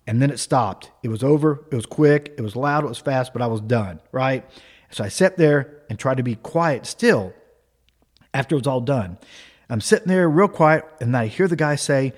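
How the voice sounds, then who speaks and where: A man telling a funny personal story in a casual, animated way, often checking in with the listener. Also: fairly high pitch, moderate pace. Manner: casual, animated, tag questions.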